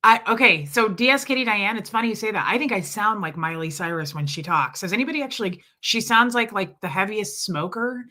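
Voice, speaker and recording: Bright-voiced woman, hoarse from illness. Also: mid-range voice, a little fast, hardly any pauses. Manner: chatty, greets viewers by name and reads comments aloud. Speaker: livestream host. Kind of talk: casual livestream chat.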